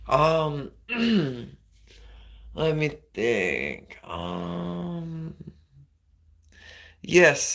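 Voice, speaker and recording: Slow, creaky rambling livestreamer. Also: mid-range voice, big pitch swings, a bit bright, rough recording. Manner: rambling, hesitant, many fillers. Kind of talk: casual chat.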